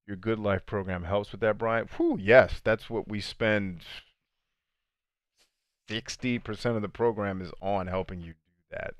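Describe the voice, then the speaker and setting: A man life coach chatting casually on a livestream, reading viewer comments and answering them. He talks in animated fast bursts that slow into a deliberate cadence. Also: lowish voice, no echo, studio quality. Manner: conversational, addresses viewers as friends and dude.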